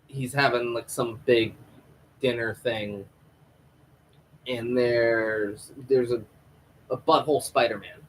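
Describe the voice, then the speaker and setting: A man's voice: medium pitch, fairly even intonation, takes it slowly, pauses often, slight background noise, rough recording. Profane, rambling man hosting a live review. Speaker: host of a live TV episode review stream. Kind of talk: casual live review rant. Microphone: home microphone.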